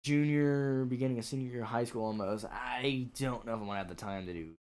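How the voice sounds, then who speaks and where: A teenage boy in casual chat on a racing league podcast, telling a joking, animated story. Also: medium pitch, quick pace. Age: teens.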